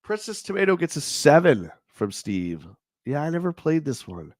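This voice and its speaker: A man's voice: on the high side, sing-song, moderate pace, no room sound, studio quality. A man with a stuffed-up, nasal voice hosting a livestream, reading old magazine reviews aloud and riffing on them in a rambling, jokey way. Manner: rambling, jokey, reads then riffs on the text.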